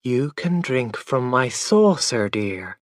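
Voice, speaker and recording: A man doing a gentle, patient storybook mother. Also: medium pitch, expressive, takes it slowly, no room sound, clean studio sound. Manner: soft and patient, often hushed. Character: patient, gentle young mother soothing her son. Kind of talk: storybook reading.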